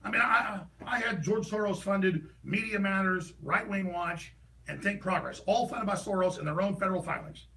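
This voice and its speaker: A man delivering an impassioned, ranting political monologue as a talk show host, heated and rapid with sudden bursts of shouting. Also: high-pitched, gravelly, far from the mic, low-quality recording.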